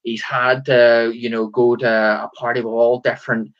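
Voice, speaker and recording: A man hosting a casual podcast interview, thinking aloud through long, rambling reflections. His voice has an ordinary middle pitch. The recording sounds dull and lo-fi. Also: flat delivery, normal speed. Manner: rambling and reflective, full of fillers. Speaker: podcast host.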